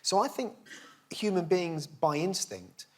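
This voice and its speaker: A man's voice: high-pitched, sing-song, a little slow, darkish tone. A man, an actor guest, talking thoughtfully on a chat show.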